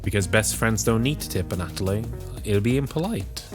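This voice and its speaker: A man's voice: lowish voice, lively intonation, normal speed, music in the background, close to an everyday voice. A man voicing a dry, snarky male detective in a near-natural voice. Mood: deadpan.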